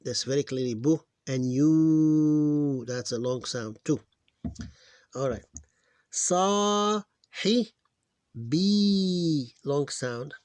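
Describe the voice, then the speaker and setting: A man teaching reading, slowly sounding out syllables one at a time, recorded on a close mic. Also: mid-range voice, steady tone, mellow, no room sound. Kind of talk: screen-recorded phonics lesson.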